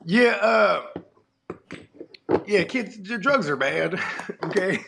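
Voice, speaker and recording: Laid-back profane man with a gravelly voice. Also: sits high, expressive, slow, background noise. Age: 40s. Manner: loose, rambling, profane, laughs often. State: has a cold. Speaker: podcast co-host. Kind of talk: casual chat.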